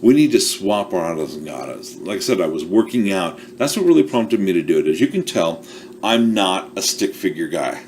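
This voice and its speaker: A man's voice: low voice, big pitch swings, moderate pace, darkish tone, a little hiss or hum. A man coaching small businesses on marketing in a chatty, self-deprecating, casual talk to camera. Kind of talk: casual talking-to-camera advice.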